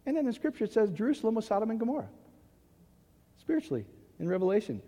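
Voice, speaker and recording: A man's voice: high voice, wildly swooping pitch, fast talker, mellow, long reverb tail. A man preaching a sermon in an emphatic way, often checking that the audience agrees. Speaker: pastor.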